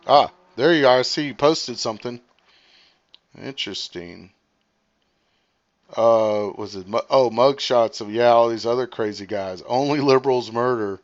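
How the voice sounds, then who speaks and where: A man hosting his own livestream and chatting casually. He rambles and thinks out loud with lots of fillers, talking fast as he reads comments. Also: mid-range voice, lo-fi sound. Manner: talks fast while reading comments. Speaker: livestream host.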